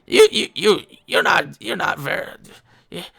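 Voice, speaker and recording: A man voicing a hunched old male street peddler who hawks his wares loudly and insistently. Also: sits high, animated, unhurried, creaky, husky, soft background music, heavily acted. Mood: pushy hawking. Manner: loud hawking, insistent.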